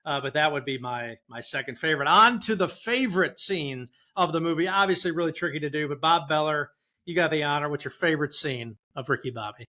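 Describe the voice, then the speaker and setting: A man's voice: on the high side, brisk, pushed and bright. A man co-hosting a podcast, casually talking through favorite scenes and handing the floor to others. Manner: leads the talk, passes to guests. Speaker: podcast co-host. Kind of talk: casual movie chat.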